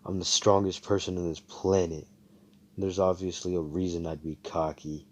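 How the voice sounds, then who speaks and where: A man's voice: low voice, level tone, moderate pace. A man voicing a brash, cocky young male knight who swears and boasts. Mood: boastful.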